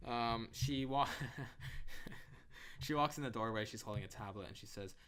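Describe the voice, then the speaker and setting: A man's voice: medium pitch, a little slow, fairly bright tone, clean tone. A young man co-hosting a podcast, recapping an episode from his notes in a dry, sarcastic, casual way. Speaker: podcast co-host.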